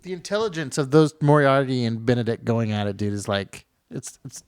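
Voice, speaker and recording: A man's voice: medium pitch, brisk, clean tone, no echo, studio quality. A man co-hosting a casual podcast chat, enthusiastic and exclamatory. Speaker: podcast co-host.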